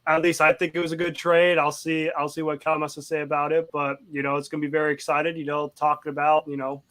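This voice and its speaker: Flat, rambling male analyst. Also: on the high side, fast. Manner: rambling, leans on "you know" fillers. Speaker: guest analyst. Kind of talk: casual chat.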